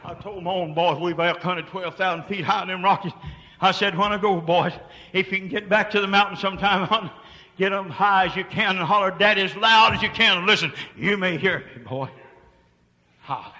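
An older man preaching a sermon, telling folksy stories and swinging from loud shouts to quiet murmurs. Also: sits high, moderate pace, big-room sound, poor audio.

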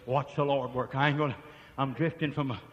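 An older man preaching a sermon, telling folksy stories and swinging from loud shouts to quiet murmurs. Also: medium pitch, steady tone, a little fast, big-room sound, muffled recording.

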